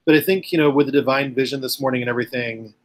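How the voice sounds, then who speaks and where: A man's voice: mid-range voice, rapid-fire. A man running a tabletop game as game master, rambling with many ums and uhs.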